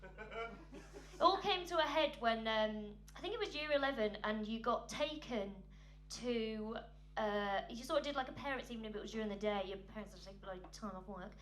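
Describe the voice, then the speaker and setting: A woman tells a stand-up comedy story in a chatty, self-mocking way, breaking it up with ums. Her voice sits fairly high. A steady hum runs under the recording. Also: a little fast.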